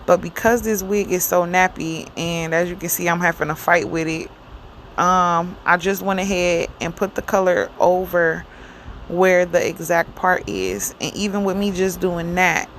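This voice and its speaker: A woman giving a casual hair tutorial, explaining each step in a chatty, relaxed way with plenty of fillers. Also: lowish voice, unhurried, slight background noise. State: cold and yawning. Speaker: hair stylist demonstrating a wig.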